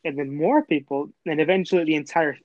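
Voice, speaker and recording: Young guy rambling thru a story, lots of likes and restarts, dry close mic, kinda high voice. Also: brisk, no echo, muffled recording. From Texas. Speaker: host. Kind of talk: casual chat.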